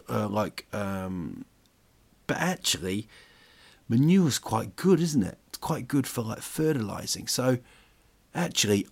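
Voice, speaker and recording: Low-voiced man joking and rambling. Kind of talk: casual comedic monologue.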